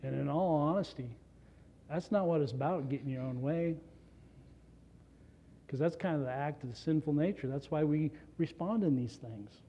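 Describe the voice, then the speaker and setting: A man's voice: fairly high pitch, normal speed, long pauses, mellow, husky. A man preaching a conversational sermon as a pastor, earnestly putting rhetorical questions to the congregation. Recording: dull lo-fi recording.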